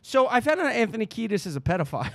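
A man's voice: high voice, sing-song, very fast, vocal fry, fairly bright tone, a little hiss or hum. A man co-hosting a podcast, chatting casually, joking and laughing often. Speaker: podcast co-host. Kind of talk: casual chat.

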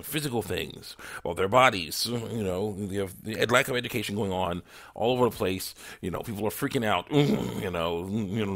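Male host, lowish pitch, forceful tone; casual rambling commentary, frequent chuckles. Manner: chuckling often, filler-heavy, rambling. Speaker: online ministry host. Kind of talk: casual commentary reading chat messages.

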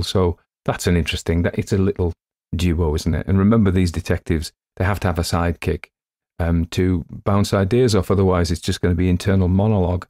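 A man's voice: low-pitched, a little mellow. A man, an audiobook narrator chatting casually and rambling in a self-deprecating way after a reading.

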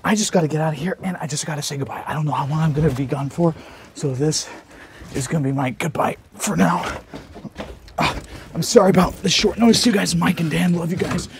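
A young man rambling through a flustered, hurried goodbye in a comedic vlog. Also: a little high, creaky, noisy background.

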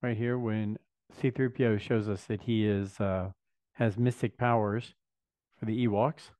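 A man's voice: fairly low pitch, fairly even intonation, a little slow, mellow, no echo. A man in his fifties hosting a casual unboxing video, chatting enthusiastically and thinking aloud as he goes. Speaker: vlog host. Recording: dry, slightly dull lo-fi sound.

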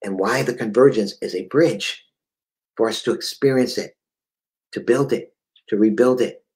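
A man's voice: lowish voice, normal speed, darkish tone, poor audio. A man with a New England accent preaching a fervent sermon, often stammering and repeating words.

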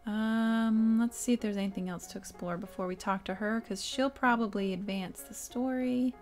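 A woman musing quietly to herself as she plays through a video game, soft and unhurried in her commentary. Her voice sits slightly high. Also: fairly even intonation, faint music behind. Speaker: let's play streamer. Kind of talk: relaxed let's-play commentary.

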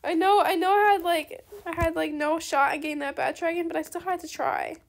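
A young woman giving chatty, excitable commentary on her own game trades, talking straight to her viewers. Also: very high voice, brisk, vocal fry, a little hiss or hum. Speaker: gaming video creator. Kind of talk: casual gameplay commentary.

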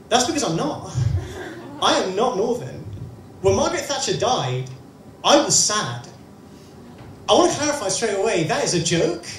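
Young brummie guy doing stand-up, dry quick asides, echoey venue with a faint murmur behind. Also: sits high, very animated, a little hiss or hum. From Birmingham, England. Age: young adult. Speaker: stand-up comedian. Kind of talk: stand-up comedy set. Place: comedy venue stage. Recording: echoey room with faint ambience.

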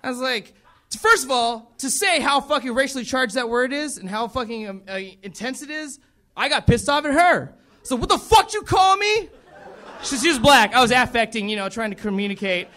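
A man's voice: very high-pitched, fairly quick, sharp tone. A young man from the American South doing a profane, rambling stand-up set and laughing at his own jokes. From Southern United States. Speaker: stand-up comedian.

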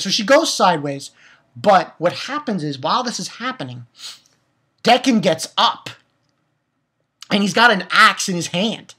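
A woman casually reviewing an anime episode, excitable and blunt, swearing freely and often restarting her words. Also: on the low side, husky.

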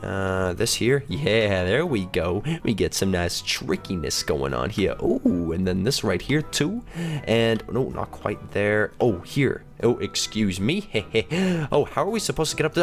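Excitable man with a bouncy voice. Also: fairly low pitch, slow pace, soft background music. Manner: excitable, jokey, gasps and squeals. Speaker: gaming video host. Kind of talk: let's-play commentary.

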